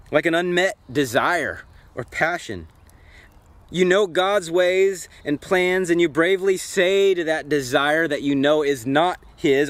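A man with a high voice leads a devotional Bible study outdoors by a campfire. He talks in an earnest, reflective way. He often stops to put pointed questions to the people listening. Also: a bit bright. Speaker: Bible teacher.

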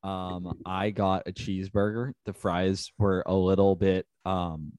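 A man chatting casually as podcast co-host, with laid-back, deadpan asides. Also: low voice, a little slow, no echo, dull audio. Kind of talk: casual chat.

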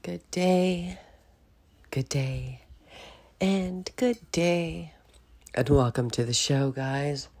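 Woman podcast host, groggy morning voice, gravelly and low, rambling and laughing. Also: very slow, long pauses, darkish tone. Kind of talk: casual monologue.

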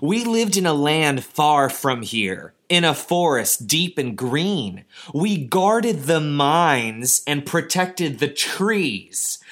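A man's voice: a little high, fairly bright tone, heavily acted. A man voicing a small male garden gnome elf who pleads earnestly in a storybook way. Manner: earnest, begging storybook delivery. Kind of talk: dramatic book reading.

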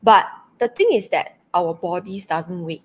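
A woman's voice: lowish voice, measured pace, slightly rough. A woman, co-hosting a casual podcast and explaining a topic step by step, laughing often. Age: 30s. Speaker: podcast co-host.

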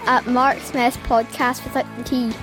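A woman's voice: on the high side, flat delivery, measured pace, music in the background, poor audio. A young woman co-hosting a family podcast, giggly and asking puzzled questions. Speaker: podcast co-host. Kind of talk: casual family podcast chat.

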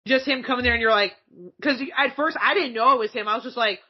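A woman with a fairly high, husky voice chats about a cartoon and acts out its characters with wild pitch swings, swearing freely. The recording sounds dull and lo-fi. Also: fast talker. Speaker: podcast co-host. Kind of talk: casual chat reviewing a cartoon episode.

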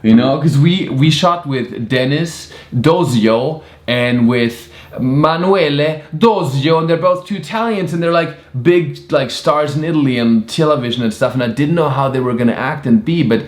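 A man, hosting a casual podcast in an excitable, laughing way and swearing freely. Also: medium pitch, normal speed, few pauses. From Germany. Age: 20s. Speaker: podcast host.

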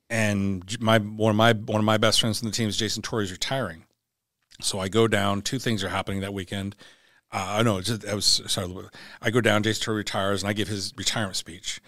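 A man in his forties, a veteran guest on a podcast, telling his own story candidly in a halting way and stumbling over repeated words. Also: fairly low pitch, steady tone, a bit bright, dry recording, clean studio sound.

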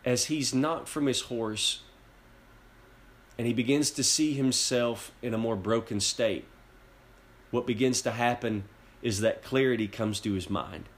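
A man delivering a sermon in a steady, mid-pitched voice. He preaches with earnest emphasis, repeating words and restarting phrases as he presses his point. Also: measured pace. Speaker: pastor.

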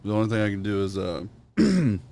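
A man's voice: fairly low pitch, little pitch movement, fast talker, a little mellow, clean tone. A man co-hosting a podcast, telling stories and trying out impressions, laid-back and profane, laughing often. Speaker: podcast co-host. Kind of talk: casual chat doing impressions.

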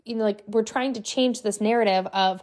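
A young woman talks through her solo podcast in a loose, chatty way. Her pitch sits in the ordinary middle for a woman, and she keeps checking in with "right?" as she goes. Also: fairly even intonation, brisk, a little mellow. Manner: chatty, lots of "right?" and "like" fillers. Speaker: podcast host. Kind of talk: casual solo podcast talk.

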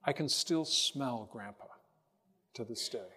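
A man preaching a sermon as a pastor, telling a personal story in a slow, reflective way with pauses, then leading a prayer. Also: mid-range voice, bright, forceful tone, slightly rough, in a large hall.

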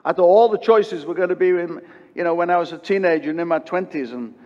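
A pastor in his fifties preaching a sermon, swinging from loud emphatic peaks to hushed quiet and repeating phrases for emphasis. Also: high voice, quick pace, long reverb tail, lo-fi sound. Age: 50s. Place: church.

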